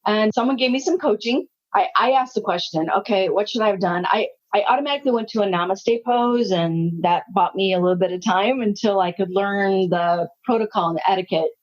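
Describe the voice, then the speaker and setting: A woman's voice: mid-range voice, brisk, hardly any pauses. A woman in her sixties, a leadership consultant, telling anecdotes in an interview and acting out the dialogue. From United States. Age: 60s. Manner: anecdotal, animated, acts out quoted dialogue. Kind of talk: storytelling interview talk. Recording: slightly muffled audio.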